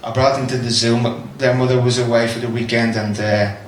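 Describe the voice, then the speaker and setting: A man's voice: mid-range voice, little pitch movement, brisk. An Irish man doing stand-up comedy in a small basement venue, teasing the audience and swearing freely. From Ireland. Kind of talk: stand-up crowd work. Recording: echoey room, faint background noise.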